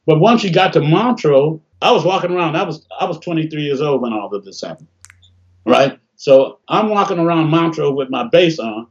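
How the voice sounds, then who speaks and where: An older man from Detroit telling animated stories in a casual interview over a video call, often acting out what people said. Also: a little high, a little fast. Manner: animated, laughing storyteller, acts out quotes. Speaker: interview guest, bassist. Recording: dull lo-fi call audio.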